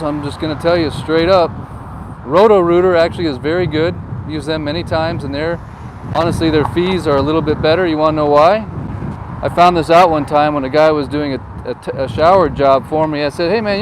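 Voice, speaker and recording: A man's voice: on the high side, fairly even intonation, fairly quick. A man giving casual, joking tour commentary while driving, filmed on a phone. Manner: chatty, jokey, tells anecdotes. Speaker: real estate agent vlogger. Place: in a car driving outdoors. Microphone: phone camera. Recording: windy outdoor phone recording. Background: wind and traffic noise.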